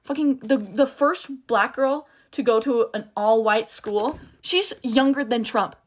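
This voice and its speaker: Casual heated vlog rant from a young woman, swears constantly, voice on the high side. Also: unhurried. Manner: angry, swearing often, emphatic; restarts and trails off while upset. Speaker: social media creator.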